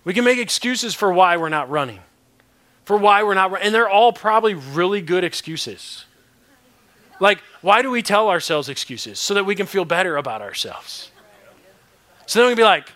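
A man's voice: sits high, expressive, moderate pace, bright, forceful tone. A male pastor preaching a sermon in short, punchy, repeated phrases with playful asides.

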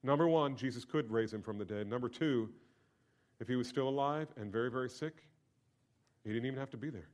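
Pastor preaching with big dynamic swings. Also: male voice, mid-range voice, fairly quick. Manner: dynamic preaching, swings from hushed storytelling to loud emphatic build-ups. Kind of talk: sermon.

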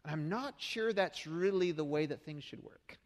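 In a church sanctuary, a middle-aged pastor preaches a sermon conversationally, putting rhetorical questions to the congregation. His voice is fairly high, at normal speed, with a long reverb tail.

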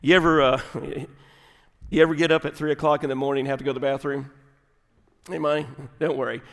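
A middle-aged man preaching a sermon, folksy and animated, dropping at times to a quiet, intimate tone. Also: fairly high pitch, a little fast, vocal fry. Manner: folksy, animated storytelling with sudden drops to quiet, intimate delivery. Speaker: pastor. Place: large church sanctuary. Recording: long hall reverb.

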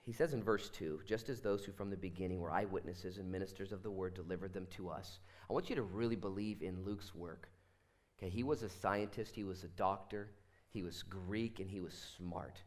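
A man in his thirties, a pastor preaching a sermon in a church, animated, swinging between loud exclamations and hushed asides. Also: low voice, fairly quick. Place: church sanctuary.

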